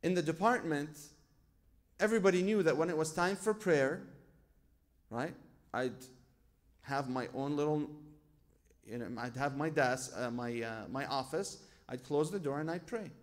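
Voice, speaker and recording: A man's voice: a little high, normal speed, pauses often. A man giving a sermon as a sheikh. He tells stories from his own life, asks rhetorical questions and quotes scripture. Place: lecture hall at a religious gathering.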